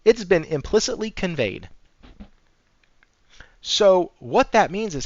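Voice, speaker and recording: A man hosting a casual gaming news podcast, talking in an animated, profane, sarcastic way and laughing often. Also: sits high, slow, long pauses, no echo. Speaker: podcast host. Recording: dry, slightly dull audio.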